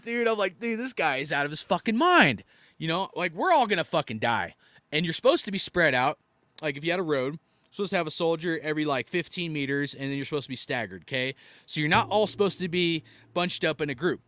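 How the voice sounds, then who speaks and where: A man in his thirties tells army stories in a blunt, profane rant. His voice is bright and tense and jumps up and down in pitch. The sound is close and dry. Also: animated, fairly quick, dry recording. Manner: blunt and profane, swinging from loud outbursts to low asides. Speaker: army veteran commentator.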